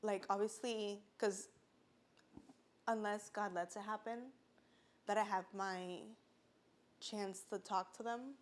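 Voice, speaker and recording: A woman's voice: medium pitch, steady tone, slow pace, long pauses. Podcast guest type: a woman with a mid-range voice telling her story earnestly and plainly. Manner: earnest, filler-heavy, fighting back tears at times. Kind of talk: casual personal testimony.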